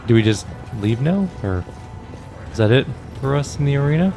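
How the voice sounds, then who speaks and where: A man's voice: mid-range voice, very animated, moderate pace, over music. A man casually commentating a game and reading its dialogue aloud, with dry, offhand remarks. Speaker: gaming YouTuber.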